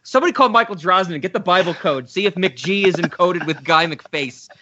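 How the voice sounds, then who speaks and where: A man's voice: high-pitched, expressive, brisk, noisy background. A man co-hosting a casual film podcast, bantering playfully and laughing along. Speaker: podcast co-host. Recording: dull lo-fi podcast audio.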